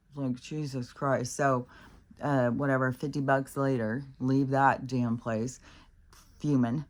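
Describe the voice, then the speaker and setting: A woman's voice: extremely low pitch, takes it slowly. A woman telling a rambling, exasperated story in a casual vlog, swearing freely and using many fillers. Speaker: vlogger.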